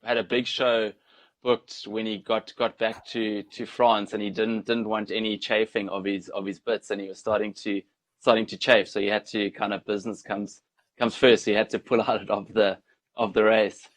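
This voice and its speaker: A man's voice: fairly low pitch, flat delivery, normal speed. A young South African man with a South African accent, telling stories in a rambling, laid-back way as a guest on an interview show. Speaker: guest, ultra trail runner. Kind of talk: casual interview storytelling.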